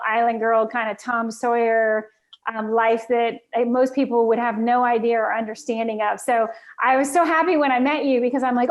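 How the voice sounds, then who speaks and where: A woman from the Florida Keys hosts a podcast interview in a high voice. She is exclamatory and bursting with enthusiasm. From United States (Florida Keys). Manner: exuberant and exclamatory. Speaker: podcast host.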